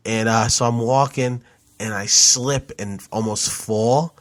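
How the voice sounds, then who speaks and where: With a medium-pitched, fairly bright voice and fairly even intonation, this man speaks slowly, with no room sound. As a podcast co-host in casual conversation, he spins laid-back stories, cursing often and saying "bro" and "dude."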